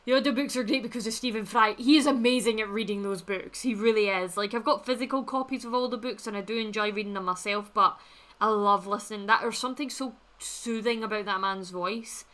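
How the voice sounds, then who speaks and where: Bright-voiced woman streamer. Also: medium pitch, a little fast. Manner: chatty, blunt, swears freely, laughs often. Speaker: livestream host reading chat. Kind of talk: casual chat.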